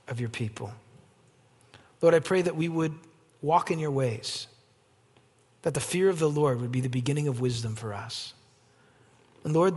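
Male pastor, evening sermon, emphatic build-ups, breathy voice, echoing church sanctuary. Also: mid-range voice. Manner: animated, rising to emphatic peaks. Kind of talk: evening sermon and closing prayer. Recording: long hall reverb.

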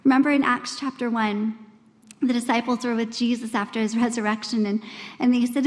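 High-voiced woman preaching in an echoing hall. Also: flat delivery, a little fast. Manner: earnest and conversational, acting out quoted voices with big pitch swings. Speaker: speaker at a women's church gathering. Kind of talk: sermon. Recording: long hall reverb.

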